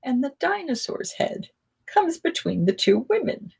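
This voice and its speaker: A woman hosting a casual live chat, telling rambling, animated anecdotes. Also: high voice, unhurried, vocal fry.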